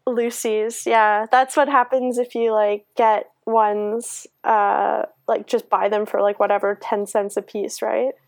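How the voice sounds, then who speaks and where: A woman's voice: medium pitch, level tone, unhurried, hardly any pauses, darkish tone, no room sound. A Canadian woman with a congested, sick voice chats on a podcast, drifting into loose, giggly tangents. Her voice is dry and close, with no room sound around it. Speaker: podcast co-host. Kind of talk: casual chat.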